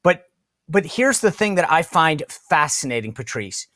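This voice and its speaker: A man's voice: fairly high pitch, big pitch swings, normal speed, pushed and bright, no room sound. A man hosting a podcast, giving casual political commentary in an emphatic way and stumbling over repeated words when worked up. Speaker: podcast host.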